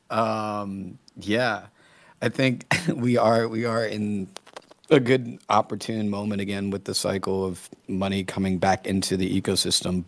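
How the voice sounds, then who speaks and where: A man's voice: deep voice, fairly bright tone, no room sound. A man chatting casually as a guest in an online audio room, rambling and laughing easily. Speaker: guest speaker. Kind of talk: casual chat. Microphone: online audio room mic.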